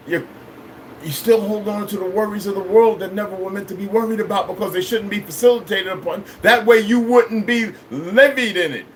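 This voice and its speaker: A man delivering a combative, profanity-laden monologue to camera, dropping to low mutters and rising to shouts, with many restarts and repeated words. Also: slight background noise. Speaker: vlogger.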